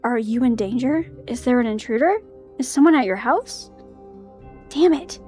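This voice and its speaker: A woman reading first-person narration for a tired young woman detective in a visual novel game, brisk and flat. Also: fairly high pitch, soft background music, lightly acted.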